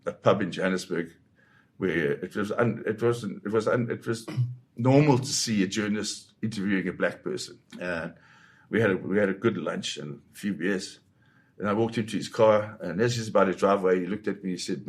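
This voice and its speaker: Older man, low voice, interview guest, war photographer, vivid halting storytelling. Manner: vivid, halting retelling with many restarts.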